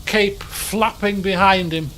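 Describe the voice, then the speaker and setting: A man's voice: high-pitched, fairly even intonation, slow pace, sharp tone. A man chatting his way through a video game, thinking aloud and poking fun at himself. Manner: chatty, thinks aloud, jokey and self-mocking. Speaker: game streamer. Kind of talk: casual let's play commentary.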